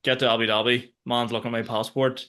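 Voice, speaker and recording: A young man, co-hosting a comedy podcast and telling stories in a loose, animated way. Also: mid-range voice, fast. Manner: animated storytelling, swears freely. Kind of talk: casual comedic chat.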